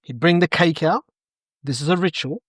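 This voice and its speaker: A man's voice: on the high side, moderate pace, dry recording, clean studio sound. A middle-aged man, a coach telling stories as a podcast guest and acting out the dialogue in them. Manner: animated storyteller acting out quoted dialogue. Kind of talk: conversational interview storytelling.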